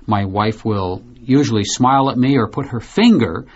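A man hosting a slow, clearly spoken discussion for learners, explaining things patiently. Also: mid-range voice. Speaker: host. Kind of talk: scripted learner podcast discussion. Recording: dull lo-fi recording.

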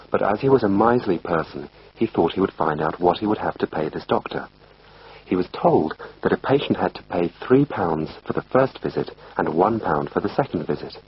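A man reading a textbook lesson aloud in a clear, deliberate way. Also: sits low. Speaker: lesson narrator. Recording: dull lo-fi recording.

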